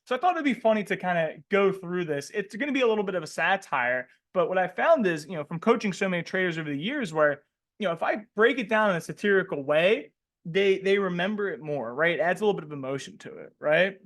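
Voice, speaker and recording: This trading coach, a fast talker whose voice sits high, runs a live webinar in an animated, slangy, joking manner. He keeps asking the audience questions, and nearly every line ends with "right?".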